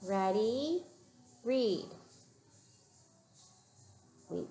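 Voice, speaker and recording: A woman teacher giving a phonics lesson to young children, modeling words slowly and patiently. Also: fairly low pitch, gravelly. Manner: slow, patient, drawn-out word modeling. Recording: echoey room with faint room noise.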